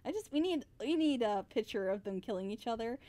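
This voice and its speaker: A woman's voice: a little high, lively intonation, a little fast, mellow. A woman voice actress co-hosting a casual stream, effusive and giggly, laughing often as she chats.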